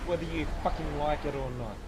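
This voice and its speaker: A man's voice: fairly high pitch, a little fast, noisy background. A man live-streaming a game, ranting angrily and swearing constantly. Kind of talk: live-stream gameplay rant.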